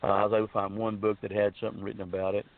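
A man's voice: on the low side, flat delivery, racing. Earnest rambling man on a phone line. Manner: rambling, earnest, many restarts and fillers. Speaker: guest telling his story. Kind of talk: casual storytelling.

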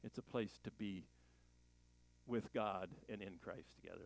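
A man's voice: lowish voice, fairly even intonation, unhurried, vocal fry, pauses often, low-quality recording. Folksy joking man preaching a sermon. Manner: joking, rambling, folksy asides. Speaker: pastor. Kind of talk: conversational sermon.

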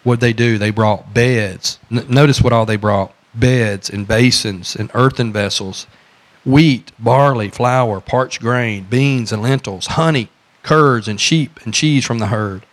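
A man's voice: medium pitch, a little slow. A man with a Southern American accent preaching a sermon as pastor, repeating phrases and asking the congregation questions.

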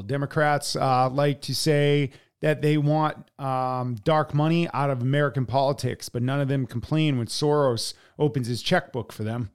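A man with a clear, resonant voice reads news stories on a podcast. He pads his reading with uh and um and throws in cursing opinions of his own. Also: a little high. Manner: reads with fillers and profane editorial remarks. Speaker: podcast co-host. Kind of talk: reading news articles with commentary.

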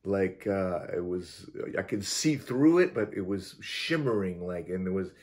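Guest, male, lowish voice, animated storyteller who acts out sounds and restarts sentences. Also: measured pace. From Utah. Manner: acts out sounds and quoted lines, often restarts. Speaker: interview guest.

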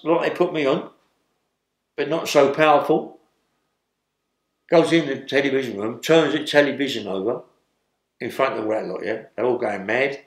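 A man's voice: medium pitch, moderate pace, echoey room. An older man from London with a London accent, telling a rambling prison story in an interview and checking in with "yeah?". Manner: rambling, keeps adding "yeah?". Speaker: interviewee, former criminal.

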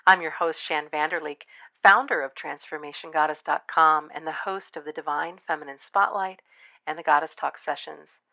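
A woman hosting a podcast, reading a measured, reverent introduction of her guest. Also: sits low, pushed and bright. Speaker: podcast host.

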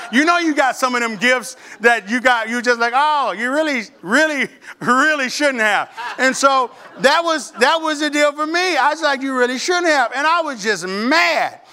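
A male pastor telling a playful, animated story to his congregation in church, talking to the people directly. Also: very high-pitched. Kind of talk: storytelling sermon.

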